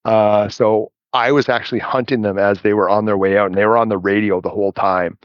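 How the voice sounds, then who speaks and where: A man as an interview guest, telling stories in a relaxed, rambling way and chuckling often. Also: on the low side, brisk, no room sound, dull audio. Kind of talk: casual storytelling chat.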